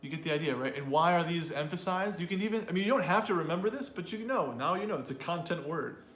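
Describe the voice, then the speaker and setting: A man's voice: fairly high pitch, lively intonation, fast talker, a bit bright, roomy sound, slight background noise. A man teaching an English pronunciation lesson to a live audience, explaining and drilling sentences aloud in an upbeat way.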